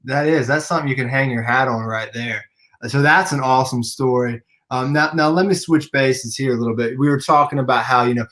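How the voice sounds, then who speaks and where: A man's voice: medium pitch, fairly bright tone. Encouraging male podcast host. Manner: friendly, encouraging, uses many fillers. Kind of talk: casual interview.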